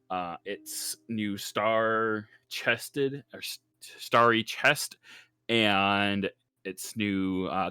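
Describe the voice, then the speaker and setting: Slow, low-voiced male player. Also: sharp tone, clean tone. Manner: slow, hesitant, speaking of his character in third person. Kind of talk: playing a tabletop game.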